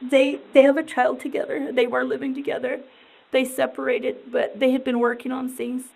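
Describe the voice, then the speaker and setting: A distraught, dazed woman answering questions in a police interview, halting and rambling and repeating herself. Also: sits high, flat delivery, gravelly, darkish tone, breathy edge, low-quality recording.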